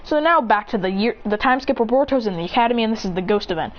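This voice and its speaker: A woman casually telling a fan-fiction story in an excitable way, her pitch jumping as she voices each character. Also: very fast, muffled recording, slight background noise.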